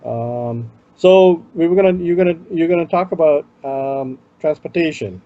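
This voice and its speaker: A man's voice: on the high side, moderate pace, no room sound, dull audio. A man with an Indian accent, co-hosting a casual chat show and giving conference travel tips, talking loosely with lots of "you know". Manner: chatty, fills with "you know". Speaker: podcast co-host.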